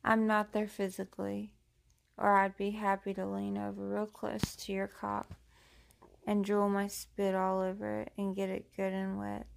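Woman, adult audio role-play; slow, teasing, flirtatious delivery, very gravelly fry. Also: medium pitch, completely flat delivery. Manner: slow, teasing, flirtatious talk addressed to the listener. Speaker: erotic audio creator.

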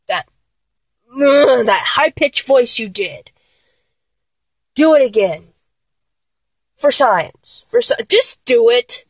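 Lively, slow-talking young woman, close and dry. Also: no echo. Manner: breathless, giddy, swings from low murmurs to high squeals. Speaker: audio role-play performer. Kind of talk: intimate one-sided audio role-play.

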